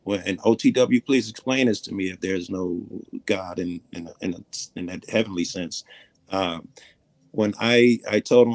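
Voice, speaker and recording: A man's voice: lowish voice, moderate pace, dry recording. A man telling a personal story in casual conversation, blunt and profane, rambling as he goes. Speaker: panel guest.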